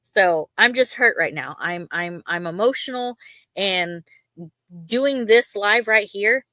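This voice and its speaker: Slow and animated, this livestream host speaks at a medium pitch with a pushed, bright voice on a dry recording. She rambles casually, says um a lot, and talks openly about how she feels, emotional yet chatty throughout.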